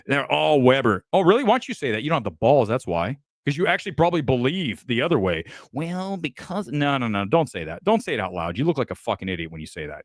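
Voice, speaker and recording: In a studio-quality recording with no echo, a man hosting a film talk show delivers an opinionated live stream rant. He's brash, boastful and profane, his pitch swinging in animated ways.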